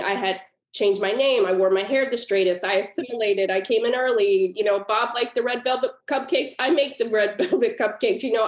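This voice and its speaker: A woman guest author telling a personal story in a podcast interview, earnest and emotional. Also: fairly high pitch. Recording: roomy echo.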